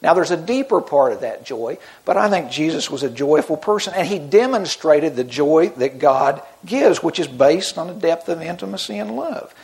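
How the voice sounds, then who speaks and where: Man, middle-aged, preaching, earnest, conversational, slightly higher pitch. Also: lively intonation, normal speed, creaky, hardly any pauses, darkish tone. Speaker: pastor. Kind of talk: sermon.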